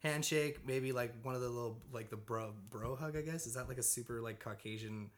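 A man's voice: mid-range voice, fairly quick. A man co-hosting a casual podcast chat, loose and profane, breaking into laughs often.

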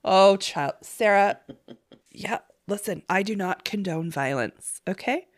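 A woman's voice: medium pitch, slow, no room sound, studio quality. Blunt, chatty woman podcast host. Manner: chatty and blunt, swears freely. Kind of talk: casual gossip chat.

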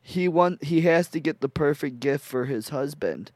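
Rambling young man, slightly high voice. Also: animated, normal speed, darkish tone, dry recording. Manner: rambling, laughs often, heavy filler words. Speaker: podcast co-host. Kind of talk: casual crude comedy chat.

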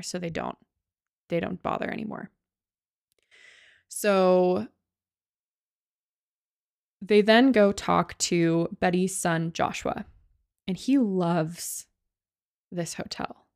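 This is a gravelly, low-leaning female voice recorded close-up with no room sound. As a podcast co-host, she tells the story of a ghost-hunting show in a relaxed, sweary way, peppering it with "like" and the odd curse.

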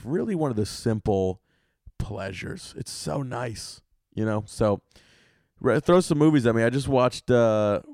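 A young man hosting a solo podcast, talking casually and with lots of swearing, swinging from loud outbursts to low muttering. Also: no room sound, clean studio sound. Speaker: podcast host.

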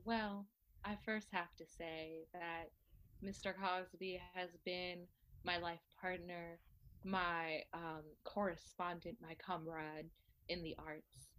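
A woman voicing a grand, self-regarding older actress famed as a sitcom mother, speaking slowly and stately with haughty poise. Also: fairly low pitch, fairly bright tone. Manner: slow, stately, haughty speech. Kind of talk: comedic impression.

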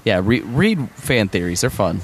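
A man's voice: lowish voice, very animated, unhurried, a little hiss or hum. A man co-hosting a casual podcast conversation, chatty and playful.

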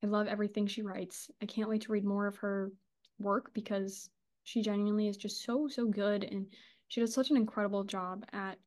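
A woman's voice: medium pitch, darkish tone. A woman co-hosting a casual book podcast, gushing and chatty, swearing and laughing as she talks. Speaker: podcast co-host.

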